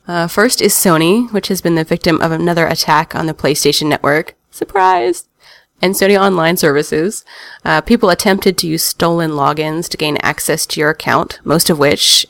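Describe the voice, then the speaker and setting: Woman hosting a gamer podcast, chatty and wry, kinda low voice. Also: steady tone, fairly quick, hardly any pauses, fairly bright tone, dry recording. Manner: chatty, laughs often, reads news with wry asides. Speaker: podcast host. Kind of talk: casual podcast chat and news reading.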